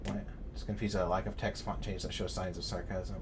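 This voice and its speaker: Low-pitched American man, streaming a game, joking banter, faint noise behind. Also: level tone, a little fast. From United States. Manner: joking, swearing, talks to chat. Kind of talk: casual game commentary.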